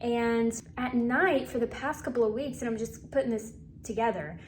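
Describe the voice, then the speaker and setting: A woman's voice: fairly high pitch, normal speed, slight background noise. A young adult woman giving a candid, chatty update to her viewers in a casual vlog. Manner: candid, confiding, chatty with fillers. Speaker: vlogger.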